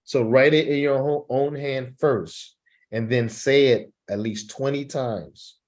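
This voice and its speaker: A man's voice: medium pitch, fairly even intonation, slow, a little mellow. A man teaching English who coaches students on reading aloud. He models sentences with strong emphasis and checks in often with "right?" and "okay?".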